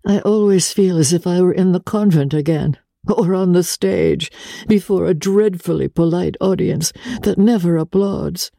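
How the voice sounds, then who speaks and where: A woman's voice: lowish voice, normal speed, creaky, mellow, no echo, clean studio sound, voice pushed up. A woman voicing an elegant, wistful young countess who talks in a lightly teasing, petulant way.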